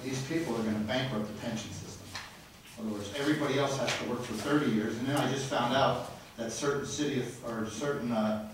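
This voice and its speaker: A man's voice: mid-range voice, a little hiss or hum. A frustrated man giving a blunt, rambling public comment at a city council meeting. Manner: frustrated, grows loud and accusatory. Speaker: resident speaking at public comment. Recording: very echoey council chamber from far off.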